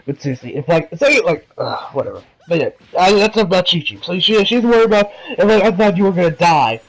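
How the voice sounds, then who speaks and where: A man with a notably high-pitched voice talks through an anime episode in a loose, rambling review. He swears freely and leans on constant fillers like "you know" and "like". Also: lively intonation, fairly quick, rough recording. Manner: rambling, profane, many fillers.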